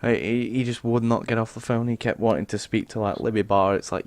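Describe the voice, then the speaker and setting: A man's voice: on the low side, fairly even intonation, brisk, few pauses, no room sound. A man co-hosting a podcast, telling rambling, grumbling stories in a casual chat. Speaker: podcast co-host.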